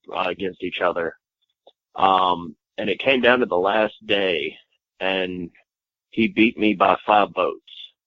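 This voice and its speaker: Low-voiced man rambling through a story. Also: no echo. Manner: rambling, swears freely, filler-heavy. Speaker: wrestler guest. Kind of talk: casual storytelling in an interview. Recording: dull, dry lo-fi sound.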